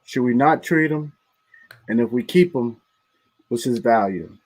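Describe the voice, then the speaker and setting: A man's voice: medium pitch, expressive, unhurried, a little mellow. A man co-hosts a sports podcast and talks in casual chat. He is earnest and lays out his argument step by step.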